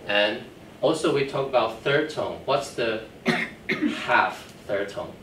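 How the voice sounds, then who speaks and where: In an echoey classroom recorded from a distance with faint background noise, a man lectures a Chinese class, patiently explaining the rules step by step and checking that students follow. His medium-pitched voice is expressive and slightly bright, and he speaks slowly.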